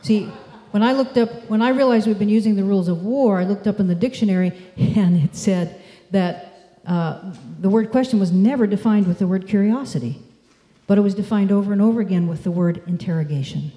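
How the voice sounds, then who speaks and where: A woman giving a conference talk, telling stories in a measured, demonstrative way. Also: medium pitch, mellow. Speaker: speaker. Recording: echoey hall.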